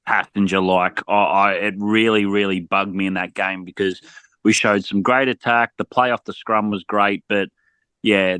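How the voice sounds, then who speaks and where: A man's voice: fairly low pitch, a bit bright, clear, resonant tone, dry recording. A man, a podcast guest talking sport bluntly and getting worked up, often repeating words. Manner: blunt, fired-up, repeats words when heated. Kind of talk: casual sports chat.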